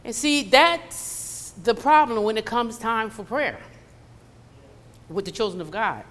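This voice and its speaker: A woman's voice: a little high, lively intonation, takes it slowly, a bit bright. A woman preaching a conversational sermon in a church, slipping into acted asides. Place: church sanctuary. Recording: long hall reverb.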